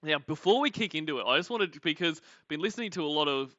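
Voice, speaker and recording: A man's voice: a little high, animated, quick pace, fairly bright tone, dry recording, muffled recording. An Australian man hosting a casual livestream, rambling, laughing often and greeting viewers. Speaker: podcast host.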